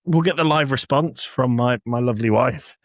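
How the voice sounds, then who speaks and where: In a home office with no echo, a young man from England co-hosts a podcast, speaking at a normal speed in a mid-range voice. The chat is casual, and he tells a story in a joking way, laughing often.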